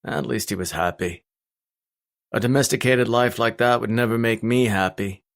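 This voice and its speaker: A man reading a first-person audiobook in a blunt, steady storytelling manner. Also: mid-range voice, normal speed, vocal fry. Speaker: audiobook narrator.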